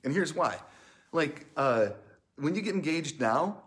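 A man's voice: a little high, expressive, measured pace, fairly bright tone. A man preaching a casual, conversational sermon, reading scripture aloud and playfully acting out the people in the story. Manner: chatty, many "like" fillers, acts out characters playfully. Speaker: pastor.

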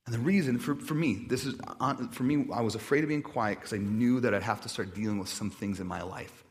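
Easygoing and chatty, this pastor preaches with a pitch neither high nor low, telling stories laced with self-deprecating asides and hesitations. His delivery softens and slows whenever he reaches a reflective point.

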